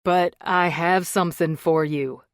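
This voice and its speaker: A cocky, sarcastic young man with a teasing, drawn-out way of talking, as a woman narrator puts him on. The voice sits a little low and is close and dry, with no room sound at all. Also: fairly even intonation, dry recording, natural voice. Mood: coaxing.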